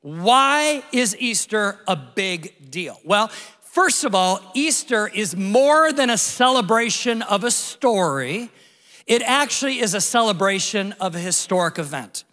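A middle-aged man preaches an Easter sermon in a loose, joking, storytelling way. His voice sits high and bright. The sound carries the long reverb of a large hall. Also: unhurried. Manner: lively, conversational, jokey. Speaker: pastor.

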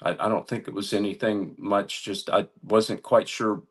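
A man preaching a sermon, telling a story earnestly with halting restarts and building to emphatic appeals. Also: fairly low pitch, fairly even intonation, slightly rough.

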